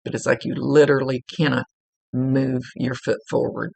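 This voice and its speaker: A woman's voice: extremely low pitch, level tone, normal speed, creaky, darkish tone, breathy edge, dry recording. A woman working as a psychic medium, giving an informal, rambling one-on-one reading from her chair at home. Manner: informal, rambling, with many fillers and restarts. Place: at home, seated.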